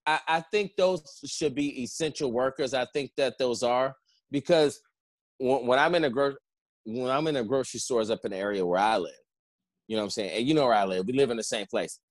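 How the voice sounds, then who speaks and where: A man talks casually and rambles, stopping to check in with his listener again and again. His voice sits at a middle pitch. The sound is dry and close, with no room echo. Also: a little fast. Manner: rambling, repeats "you know what I'm saying". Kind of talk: casual chat.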